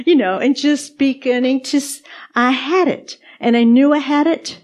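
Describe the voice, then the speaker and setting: A woman's voice: high-pitched, normal speed, a little mellow. A woman co-hosting a podcast, sharing faith testimonies in casual chat, earnest and repeating words for emphasis. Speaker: podcast co-host.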